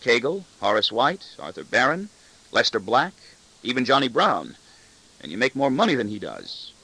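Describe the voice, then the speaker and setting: A man's voice: mid-range voice, huge pitch swings, normal speed, pushed and bright, slightly rough, full character voice, low-quality recording. A man voicing an arrogant, cutting corporate boss in an audiobook, with a sardonic, self-satisfied delivery. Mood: sarcastic. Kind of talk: audiobook reading.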